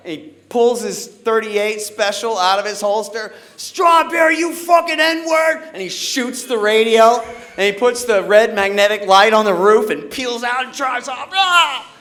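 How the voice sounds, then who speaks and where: On a comedy stage before a live audience, a man with a high-pitched, fairly bright voice performs stand-up. He tells stories sardonically and acts out the characters in them.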